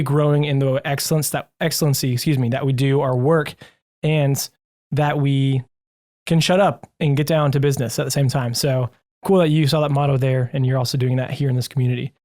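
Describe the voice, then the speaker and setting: A man's voice: medium pitch, fairly even intonation, fairly quick, darkish tone. A man hosting a podcast interview, upbeat, enthusiastic and jokey. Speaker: podcast host.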